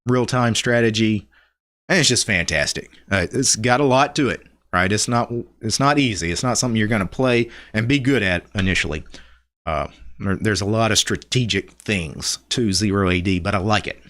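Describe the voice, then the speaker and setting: A man's voice: lowish voice, normal speed. Chatty Louisiana man hosting a live stream. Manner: relaxed, chatty, laughs often, reads viewer comments aloud. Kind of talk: casual live stream chat.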